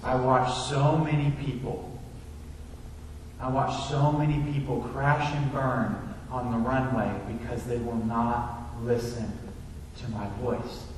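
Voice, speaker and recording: A man voicing a calm male air traffic controller who talks slowly and steadily, recorded from far off in an echoey hall. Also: medium pitch, pitched below the performer's own voice, lightly acted. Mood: quiet grateful. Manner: slow, measured, reassuring.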